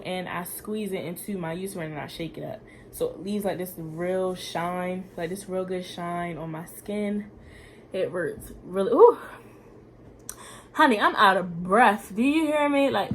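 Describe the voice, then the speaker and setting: A young woman chats into her camera at home in a loose, rambling vlog style, leaning on "like" and "y'all". Her voice sits fairly low. A faint hiss runs under the recording. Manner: chatty, frequent "like" and "y'all" fillers. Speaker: vlogger. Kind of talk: casual vlog chat.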